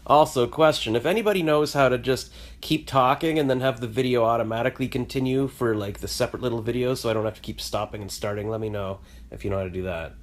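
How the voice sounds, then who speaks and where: A man's voice: mid-range voice, quick pace. A man with a stuffy, nasal voice from a cold, casually telling a rambling, self-mocking story to his phone camera and acting out the other people's lines. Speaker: vlogger.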